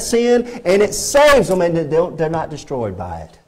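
Fervent high-voiced Texan preacher man. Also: huge pitch swings, moderate pace, few pauses. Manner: fervent, repetitive preaching, rising to emphatic peaks. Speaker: pastor. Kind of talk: sermon. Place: church sanctuary.

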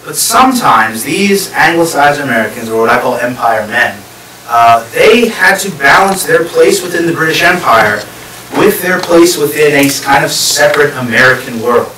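This guest lecturer, a man, has a fairly high, animated voice with a sharp tone and a moderate pace. Addressing a live audience at a public history lecture, he breaks things down step by step and quizzes his listeners. Faint hiss, a distant mic, and room echo mark the recording.

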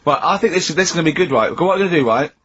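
A man's voice: a little high, expressive, racing, fairly bright tone, a little hiss or hum. A man with an English accent co-hosting a radio show, teasing and goading with lots of laughter. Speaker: radio co-host. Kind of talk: jokey radio banter. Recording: dull lo-fi radio broadcast.

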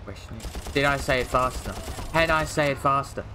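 Against a noisy background, a man with a mid-range voice speaks at a moderate pace. He's a gaming streamer giving casual commentary while he plays, rambling, poking fun at himself, and occasionally yelping at on-screen events.

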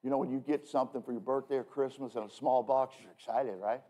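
A man's voice: medium pitch, steady tone, fast, dark tone. A man who is a pastor, preaching a casual evening sermon in a joking, rambling way, with emphatic bursts and frequent restarts. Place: church.

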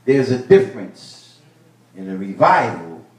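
A male pastor preaching a sermon, building to loud bursts and repeating his phrases. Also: fairly low pitch, sing-song, a little slow. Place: church sanctuary. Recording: echoey church room, mic at a distance.

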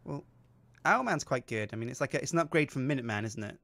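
A man co-hosting a gaming video, throwing in playful, quick quips. His voice is bright and lively and a bit high. It sits close and dry. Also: creaky, no room sound. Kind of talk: casual gaming chat.

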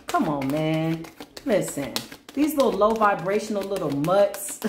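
A woman's voice: mid-range voice, a little hiss or hum. A woman giving a spiritual reading to camera in a casual, sassy, confrontational and preachy way. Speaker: spiritual reader. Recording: roomy echo.

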